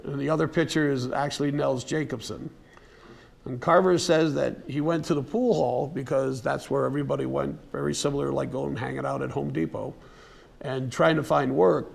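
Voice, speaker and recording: A man giving a casual, unscripted museum lecture, telling a story in a folksy way with fillers and restarts and now and then clearing his throat. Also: fairly high pitch. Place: museum presentation room.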